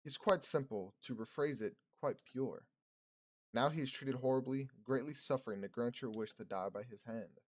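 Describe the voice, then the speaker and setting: A man's voice: medium pitch, moderate pace, natural voice. A man voicing a stern male priest who judges a woman as a witch, speaking in archaic, solemn tones. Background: game music.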